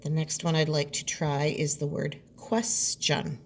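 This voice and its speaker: A woman teacher giving a recorded lesson, sounding out words slowly and deliberately. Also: sits low, little pitch movement, slight background noise.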